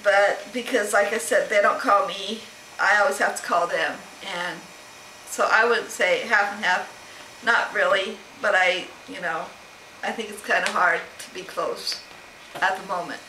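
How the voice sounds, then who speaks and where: Here the same kind of home vlog plays out: a middle-aged woman answering a question tag, chatting casually, rambling and laughing. Her mid-range voice keeps a fairly even intonation and moves a little slowly, bright and forceful. The rough recording sounds roomy, with slight background noise.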